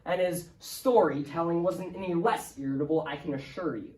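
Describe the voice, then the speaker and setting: A man reading a humorous story aloud in a dry, wry, deadpan manner. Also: fairly high pitch, moderate pace, few pauses. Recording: roomy, distant mic.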